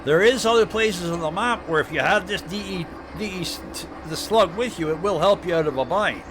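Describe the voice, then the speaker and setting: A man's voice: sits high, fairly quick, noisy background. A man from Canada with an Ottawa Valley accent, rambling and chatting casually as he streams live gameplay commentary. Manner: rambling, chatty, thinking aloud.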